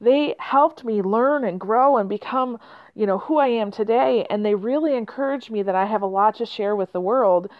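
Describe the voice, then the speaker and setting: A woman's voice: fairly high pitch, normal speed, no room sound, lightly acted. An earnest young traveler speaks with his hand on his heart about the kind people back home, as a woman tells the tale. The recording is dry and a touch dull. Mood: heartfelt. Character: warm, grateful young male traveler. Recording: slightly muffled lo-fi.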